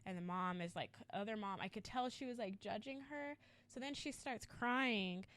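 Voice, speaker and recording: A woman's voice: mid-range voice, normal speed, a bit bright. A woman co-hosting a podcast, telling a story in casual chat with lots of filler words. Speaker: podcast co-host.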